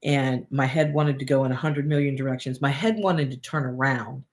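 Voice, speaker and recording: A relationship coach co-hosting a relationship talk shares a personal story candidly and casually, repeating phrases as she thinks aloud. Her voice is extremely low-pitched, with fairly even intonation at normal speed.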